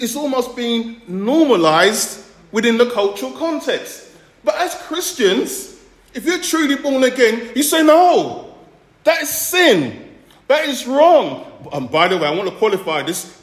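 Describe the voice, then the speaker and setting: A man from the Caribbean preaching a sermon as pastor, earnest, often restarting phrases and pausing to qualify his points. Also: high-pitched, fairly bright tone, reverberant.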